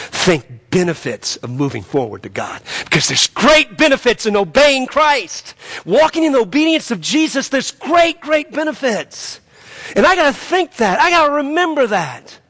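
A man with a high-pitched voice delivers a sermon as pastor. He preaches animatedly, rising to loud emphatic peaks and sinking to quieter asides.

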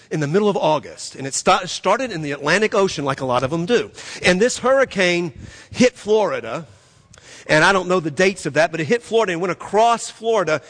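A man's voice: fairly high pitch, a bit bright. A man preaching a sermon, telling a story and repeating phrases as he builds to emphatic peaks. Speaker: pastor. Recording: long reverb of a hall.

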